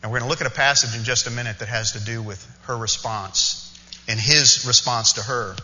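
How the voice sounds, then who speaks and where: Bright-voiced man preaching in a hall. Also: medium pitch, lo-fi sound. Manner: animated storytelling, quick asides to the congregation. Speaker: pastor. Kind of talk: sermon.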